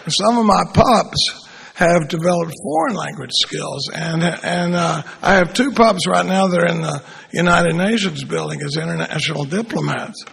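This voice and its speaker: A man's voice: a little high, normal speed, a bit bright, full character voice. A man voicing a boastful talking hound dog. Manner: smooth, self-important storyteller.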